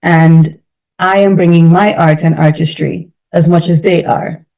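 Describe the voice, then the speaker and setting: A Jamaican woman talks as a radio guest, thoughtful and measured, often restarting her sentences. Her voice is warm and mellow. It sounds a little distant from the microphone. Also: lowish voice, steady tone, vocal fry. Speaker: guest actress. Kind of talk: radio interview.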